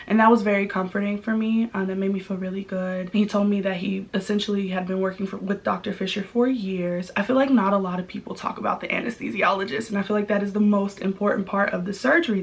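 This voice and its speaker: Young woman, vlogger type, candid conversational storyteller with lots of filler words, mid-pitched. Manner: chatty and candid, many likes and ums. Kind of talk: casual storytelling vlog.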